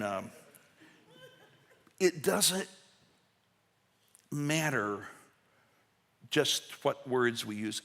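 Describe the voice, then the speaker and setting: A man's voice: medium pitch, pushed and bright. A man preaching a conversational sermon as pastor, folksy and full of asides and restarts. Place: church sanctuary. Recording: long church hall reverb.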